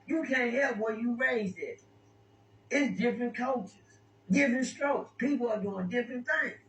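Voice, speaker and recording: High-voiced rambling man, echoey. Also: moderate pace, fairly bright tone, lo-fi sound. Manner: rambling, stammering with repeated words. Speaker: interview guest. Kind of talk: casual storytelling. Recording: echoey room, distant mic, faint noise.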